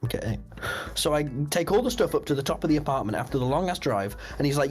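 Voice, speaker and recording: Excitable young man telling a story. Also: on the high side, quick pace, faint music behind. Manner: excitable, laughs often, voice jumps up when recounting shocks. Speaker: streamer. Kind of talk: casual storytelling on a stream.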